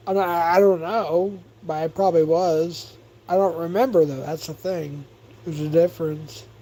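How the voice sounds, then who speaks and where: A man's voice: sits high, warm tone, rough recording. A man hosting a livestream, rambling and profane as he gossips and reads chat aloud. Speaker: livestream host.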